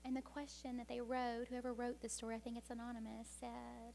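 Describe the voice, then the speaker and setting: A woman speaking from a stage at a women's event, telling a parable with dramatic pacing and hushed whispers, then urging listeners to change. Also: a little high, monotone, brisk, vocal fry, a little hiss or hum. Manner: dramatic storytelling, dropping to hushed whispers for tender moments. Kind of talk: inspirational talk with storytelling.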